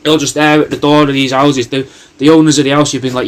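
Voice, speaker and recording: Riffing through a meandering comic monologue for a comedy cameo he's hosting, this man swears freely and keeps calling people "mate." He talks fast, in a mid-range voice with a flat delivery.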